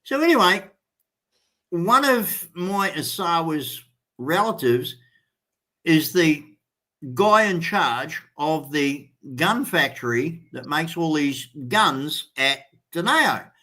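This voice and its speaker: A man's voice: a little high, takes it slowly. A man hosting a live stream, telling a story in a casual way and acting out the other people in it. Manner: animated storyteller acting out quoted voices. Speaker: show host.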